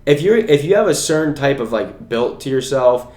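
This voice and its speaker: A man's voice: mid-range voice, lively intonation, moderate pace, a little mellow. A young man co-hosting a casual podcast, telling rambling stories full of "you know" and "like". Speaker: podcast co-host. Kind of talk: casual chat. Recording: echoey room.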